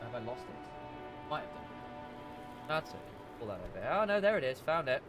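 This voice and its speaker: A man's voice: mid-range voice, big pitch swings, normal speed, over music. A man streaming a game live, chatting casually to viewers and muttering to himself while he fiddles with his settings.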